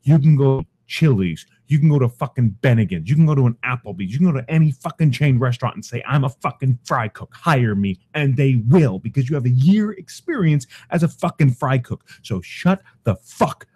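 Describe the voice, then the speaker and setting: A young man hosting a home podcast tears into a furious, swearing rant, nearly shouting throughout. His voice is dark and mellow even as he rages, with a middling pitch. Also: fairly quick, hardly any pauses, slightly rough. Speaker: podcast host. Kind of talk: angry ranting commentary.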